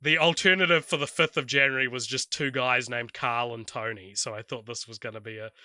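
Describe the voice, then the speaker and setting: A man's voice: mid-range voice, steady tone, brisk, pushed and bright, no echo, studio quality. A man hosting a podcast in casual chat, talkative, laughing often and trailing off with fillers. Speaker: podcast host.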